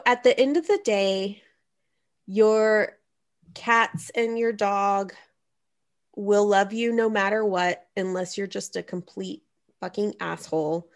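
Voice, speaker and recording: Chatty unhurried woman podcast co-host. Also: fairly high pitch. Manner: chatty, swears casually, uses lots of "like". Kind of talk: casual comedic advice chat.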